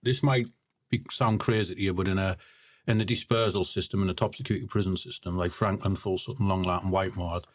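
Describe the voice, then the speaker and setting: A man's voice: low-pitched, fairly even intonation, quick pace, dry recording. A blunt man telling stories as a podcast guest. He often repeats words as he starts a sentence. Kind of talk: casual storytelling.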